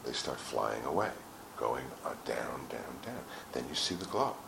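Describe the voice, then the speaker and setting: Deep gravelly man, lively storytelling. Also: normal speed. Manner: animated storyteller, acts out quotes, swears casually. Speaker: interview guest. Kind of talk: casual explanatory talk. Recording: echoey room with faint noise.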